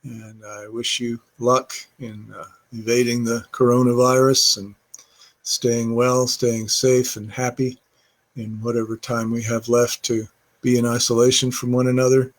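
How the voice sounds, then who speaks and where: A man reads poetry aloud at home, taking his time over each line. His voice sits in a middle register. His delivery is slow and measured. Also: medium pitch, level tone. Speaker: poetry reader.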